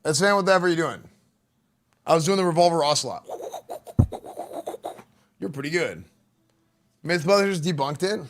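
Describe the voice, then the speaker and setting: Chatty male streamer, slightly high voice. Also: fast. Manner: loose, rambling, says "like" and "dude" a lot. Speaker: livestreamer reacting to clips. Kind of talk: casual chat.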